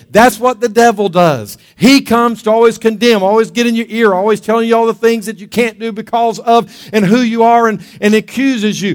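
Lively, high-voiced pastor preaching. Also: male voice, in a large hall. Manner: lively preaching, asks congregation for amens. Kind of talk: sermon.

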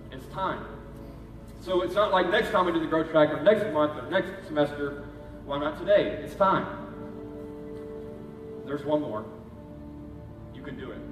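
A man preaching a sermon as pastor, urging and conversational in his manner. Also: a little high. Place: church hall. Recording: echoey hall, heard from a distance.

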